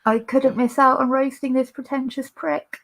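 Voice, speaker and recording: A woman's voice: sits high, steady tone, normal speed, a bit bright. A woman with a blunt, scornful, swearing manner in a casual chat on a stream. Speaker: stream guest. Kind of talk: casual profane roasting chat.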